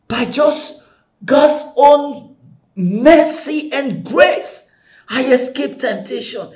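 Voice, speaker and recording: High-voiced, slow-preaching male pastor. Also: lively intonation. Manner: impassioned preaching, swinging from soft pleading to shouting. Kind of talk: sermon.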